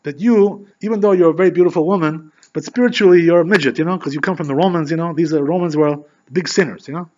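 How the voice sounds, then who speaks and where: Male rabbi, rapid, chatty sermon storyteller; muffled lo-fi audio. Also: on the high side. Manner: animated, chatty, heavy with filler phrases. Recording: dull lo-fi recording.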